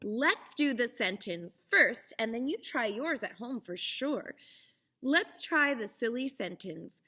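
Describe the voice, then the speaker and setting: Young female drama teacher for kids, slow and bright, encouraging. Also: a little high, animated. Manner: encouraging, clearly enunciated. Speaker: theater teacher. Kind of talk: children's lesson.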